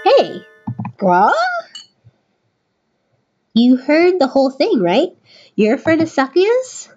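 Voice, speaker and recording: A woman voicing a smooth, flirtatious male pigeon upperclassman in a game, with a shaky put-on New York accent and bits of French. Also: high voice, huge pitch swings, takes it slowly, warm tone, lo-fi sound, faint music behind, heavily acted. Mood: suave.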